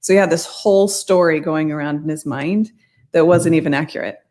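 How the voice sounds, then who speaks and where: Her voice is low-pitched and darkish, moving a little fast, as this middle-aged woman, a mindset coach, shares something from her own life. She wanders, fixes her wording mid-thought, and laughs occasionally in a relaxed way.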